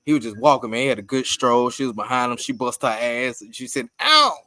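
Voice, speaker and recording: A man's voice: mid-range voice, fast talker, dry recording. A man co-hosting a podcast in casual chat, telling stories with lots of swearing and laughter. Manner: profane, animated storytelling with laughs. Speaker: podcast co-host.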